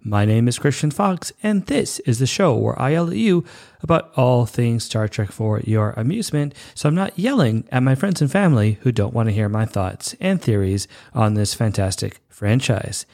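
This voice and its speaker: A man's voice: medium pitch, moderate pace, creaky. A man hosting his own solo podcast, talking eagerly and playfully, loosely acting out characters' lines as he retells a story. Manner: animated, playful, acts out quotes loosely. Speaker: podcast host. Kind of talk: enthusiastic solo podcast talk.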